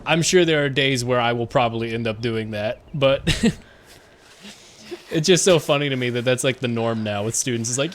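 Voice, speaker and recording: A man's voice: mid-range voice, normal speed, slight background noise. A man in his twenties chatting casually and joking with viewers while he plays a game live. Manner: rambling, jokey, talks to chat while playing. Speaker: streamer.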